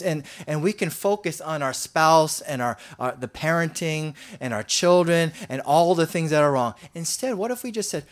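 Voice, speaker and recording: Fairly high in pitch, a pastor preaches at normal speed with hardly a pause. His earnest voice swells for scripture and shrinks to almost a whisper, and he often goes back to repeat or restart his words.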